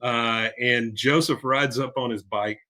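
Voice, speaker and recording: A man's voice: mid-range voice, fairly even intonation, measured pace, bright, forceful tone. A man hosting a podcast, chattily recapping a cartoon episode and laughing as he retells scenes. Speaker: podcast host.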